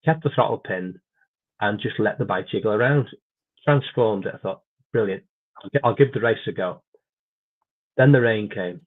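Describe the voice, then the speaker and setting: A middle-aged man, a former racer, telling animated anecdotes in casual conversation, restarting his sentences often. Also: fairly low pitch. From Britain. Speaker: podcast guest, former racer. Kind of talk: casual storytelling. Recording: tinny phone-like line.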